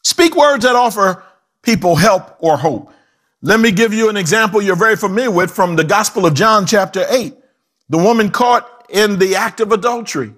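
Guy preaching a sermon, really animated pitch, jokes around, goes loud then quiet. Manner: dramatic, swings from shouts to hushed quotes; preaches with humor and asides.

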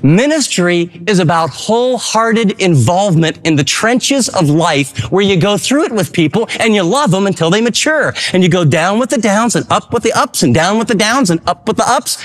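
A man's voice: sits high, animated, normal speed, few pauses, a bit bright. A man preaching a sermon as pastor, passionate, acting out a father urging his children on. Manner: impassioned, acts out an encouraging father.

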